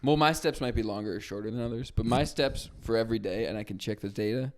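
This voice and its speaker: A young man co-hosting a casual podcast, an animated storyteller who mimics coworkers and laughs often. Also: lowish voice, quick pace. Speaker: podcast co-host. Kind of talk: casual chat.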